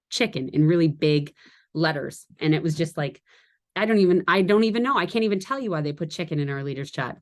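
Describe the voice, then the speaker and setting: A woman giving a casual training talk to her sales team, chatty and quick to laugh at her own jokes and wander into asides. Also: lowish voice.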